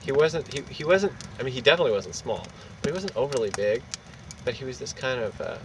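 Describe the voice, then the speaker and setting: A man telling a casual anecdote in an animated, profane way, acting out what people said. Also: mid-range voice, fast. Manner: animated, profane, acts out quotes. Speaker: storyteller. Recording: distant mic, loud street and traffic noise.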